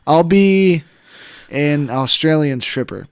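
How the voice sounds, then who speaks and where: A man's voice: a little high, lively intonation, slow, smooth, no room sound. A man co-hosting a comedy podcast, crude and joking with frequent swearing in casual banter. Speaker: podcast co-host.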